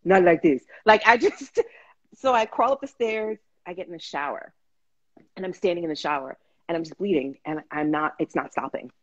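Husky-voiced woman telling a story. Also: on the low side, normal speed, muffled recording. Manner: animated, restarts, acts out quotes. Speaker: guest. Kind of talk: casual storytelling.

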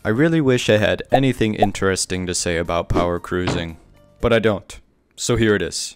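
A young man doing game commentary as a gaming YouTuber, excitable, laughing often and crying out in surprise. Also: medium pitch, moderate pace, over music.

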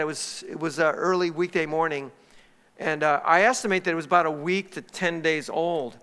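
Bright-voiced middle-aged pastor, echoey hall. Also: male voice, on the high side, clear, resonant tone. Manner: self-mocking, animated anecdote. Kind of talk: sermon storytelling. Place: church sanctuary.

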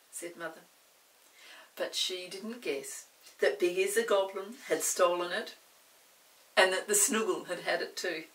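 An older woman reading a children's book aloud, expressive and animated. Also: on the low side, a little slow, pauses often, distant mic, poor audio. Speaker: storyteller.

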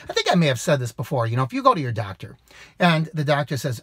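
A man speaks straight to camera outdoors in a casual advice monologue, earnest and a little preachy. His voice is slightly husky and fairly high, and it swings widely in pitch as he leans on rhetorical questions. The sound is dry and close. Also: big pitch swings, quick pace, a bit bright, no room sound. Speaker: rideshare driver vlogger.

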